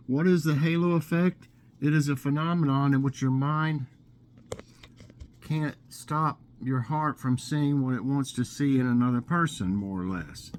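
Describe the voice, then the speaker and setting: A man hosting a casual vlog, reading trivia questions aloud and thinking out loud with fillers. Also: medium pitch, a little hiss or hum. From Scotland. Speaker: vlog host.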